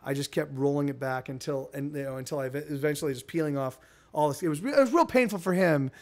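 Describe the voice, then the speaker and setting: Man, high-pitched, casual live-stream chat, rambling, swears a lot, restarts sentences. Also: fast. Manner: rambling, profane storytelling with many restarts. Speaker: musician hosting a live stream.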